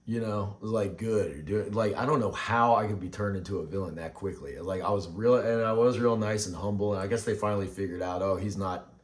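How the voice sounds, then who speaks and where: A man in his forties ranting in a casual vlog. He rambles with halting restarts and sounds frustrated. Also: lowish voice, fairly even intonation.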